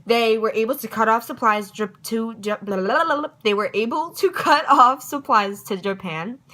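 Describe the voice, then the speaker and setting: A young woman talks through a history review in a loose, casual way. Her voice is bright and forward. She is chatty and pokes fun at herself when she trips over her words. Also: on the high side, lively intonation, normal speed, poor audio. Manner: chatty and self-deprecating, stumbles over words. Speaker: student giving a history review.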